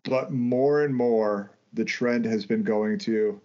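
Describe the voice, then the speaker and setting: A man's voice: lowish voice, takes it slowly, darkish tone. A man co-hosting a casual podcast, ranting and swearing freely, often stumbling and restarting. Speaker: podcast co-host. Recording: dull lo-fi audio.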